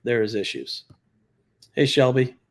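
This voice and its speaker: A man's voice: medium pitch, a little slow, gravelly. Offhand, blunt male livestream host. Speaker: retired law enforcement livestream host. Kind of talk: casual livestream chat, answering viewer comments.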